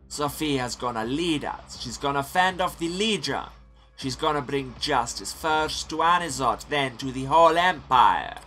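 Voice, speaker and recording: A man doing a rough, zealous commoner. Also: medium pitch, pushed and bright. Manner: rough, fervent common speech.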